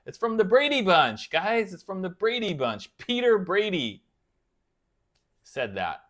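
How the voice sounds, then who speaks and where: Lively chatty man hosting a livestream. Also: high-pitched, a little slow. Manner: chatty, answers viewer comments aloud; self-deprecating and playful. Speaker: livestream host of a guitar channel. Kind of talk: casual live-chat banter.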